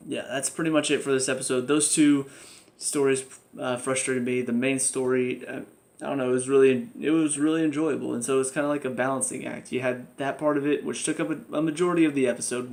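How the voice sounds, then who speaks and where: A man's voice: medium pitch, vocal fry. Frustrated man ranting about TV. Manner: frustrated, ranting, mocking characters in quick put-on lines. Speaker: TV review vlogger. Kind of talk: casual spoken review.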